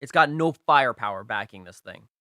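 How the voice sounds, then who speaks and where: A man's voice: medium pitch, lively intonation, a little fast, bright, forceful tone, no room sound, studio quality. A young man hosting a live stream, rating viewers' game teams in casual, emphatic and playful commentary, repeating phrases for stress.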